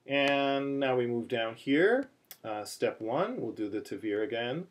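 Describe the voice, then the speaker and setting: A man talks slowly, hesitating with fillers as he explains. Between explanations he chants short phrases aloud in a lesson. His voice sits in a middle pitch. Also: expressive. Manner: slow, halting speech with many fillers, breaking into chant. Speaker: cantillation teacher. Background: phone ringing in the background.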